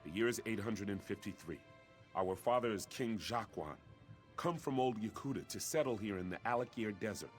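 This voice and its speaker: An earnest young warrior prince , voiced by a man, formal and urgent, worried for his brother. His voice sits somewhat low. Soft game music plays underneath. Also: animated, normal speed, close to an everyday voice. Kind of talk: video game voice acting.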